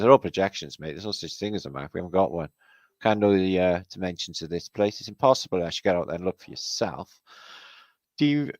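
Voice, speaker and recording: A man hosting a livestream, chatting casually and giving rambling shout-outs to viewers. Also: fairly low pitch, no echo. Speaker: livestream host.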